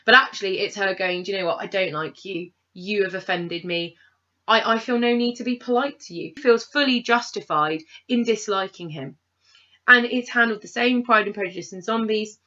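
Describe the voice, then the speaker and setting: A woman's voice: mid-range voice, moderate pace, bright, forceful tone, highs cut off. A woman co-hosting a casual review chat, animatedly acting out characters' lines as she rants. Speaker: podcast co-host reviewing a film.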